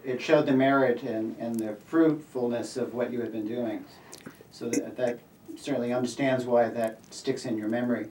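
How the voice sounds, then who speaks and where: A man interviewing for an oral history, reflecting back on what he heard and posing a measured question. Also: mid-range voice, darkish tone. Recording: roomy, distant, faint noise.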